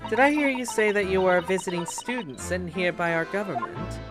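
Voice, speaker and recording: A man voicing an earnest young Japanese lawyer in a measured, wry, low-key way, with game music behind. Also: lively intonation. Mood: dry.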